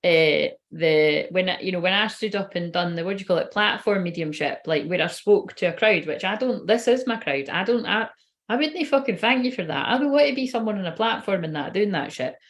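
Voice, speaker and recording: A woman's voice: medium pitch, expressive, brisk. A woman, a tarot reader and medium giving a casual, rambling live-stream reading and swearing now and then.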